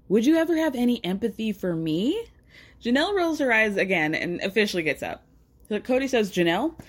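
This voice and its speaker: A woman casually recapping a reality show, sassy and profane, acting out the people she quotes. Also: medium pitch.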